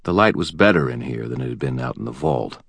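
A man's voice: extremely low pitch, expressive, quick pace, gravelly, no room sound. A man narrating a first-person fantasy audiobook in a wry, vivid manner with tense pacing, on a close studio mic.

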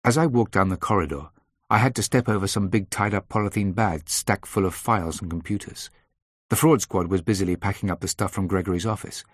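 Low husky guy reading a thriller audiobook, measured, dry sound. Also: no room sound. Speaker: audiobook narrator. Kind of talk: first-person thriller narration.

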